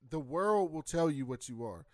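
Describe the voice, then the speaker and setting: A man's voice: a little high, moderate pace, over a noisy crowd. A man making his point emphatically in a casual podcast chat. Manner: emphatic, animated argumentative.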